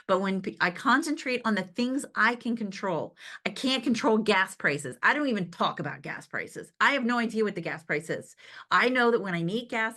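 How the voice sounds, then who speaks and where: A woman's voice: mid-range voice, bright, forceful tone. A woman giving an upbeat motivational talk in a conversational way, often checking in with her listeners and laughing easily. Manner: upbeat and conversational, often asks "right?" and "okay?". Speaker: direct-sales team leader giving a motivational talk.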